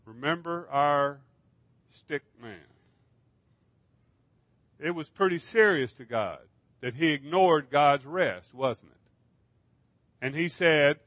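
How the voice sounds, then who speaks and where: A man's voice: a little high, slow pace, pauses often, fairly bright tone, dry recording, dull audio. A man preaching a sermon, earnestly asking his listeners questions. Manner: earnest, asks the congregation questions. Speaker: pastor.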